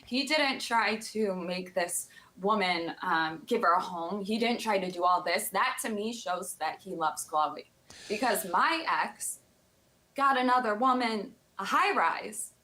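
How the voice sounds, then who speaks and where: A woman's voice: medium pitch, expressive, unhurried, sharp tone, rough recording. A young adult woman, a guest co-host on a livestream show, talking in a playful way and laughing often. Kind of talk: livestream commentary.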